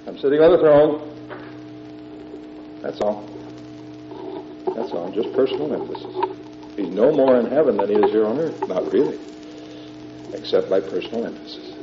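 A man with a lowish voice gives a classroom Bible lecture, explaining step by step and checking in with his listeners. The recording is dull and lo-fi, caught in a roomy space with music behind him. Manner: explains patiently, repeats phrases, checks with "all right?". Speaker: Bible teacher. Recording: echoey room, dull lo-fi tape, music behind.

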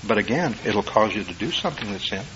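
Folksy preacher on a dull old tape. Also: male voice, lively intonation, quick pace, a little hiss or hum. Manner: folksy, rising to loud emphatic bursts then dropping low. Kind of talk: sermon.

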